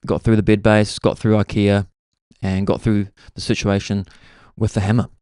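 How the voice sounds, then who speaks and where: A man's voice: on the low side, level tone, normal speed, darkish tone, clean tone, no echo, clean studio sound. A young man, hosting a podcast and musing through a laid-back, self-mocking comic monologue. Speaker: podcast host.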